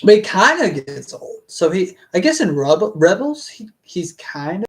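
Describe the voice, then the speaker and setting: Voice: mid-range voice, big pitch swings, normal speed. A streamer reading a fantasy book aloud to a live chat, breaking off into rambling, hesitant asides full of restarts.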